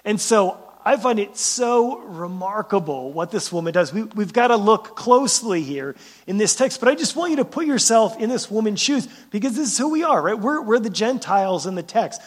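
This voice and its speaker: A man with a high, expressive voice delivers a sermon as pastor at a normal pace. He preaches conversationally, frequently asking "right?" and repeating words when starting sentences.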